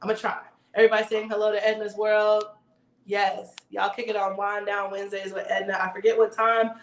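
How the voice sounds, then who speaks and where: A woman's voice: mid-range voice, level tone, brisk, reverberant. A woman hosting a casual livestream, chatting and joking with viewers. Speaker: livestream host.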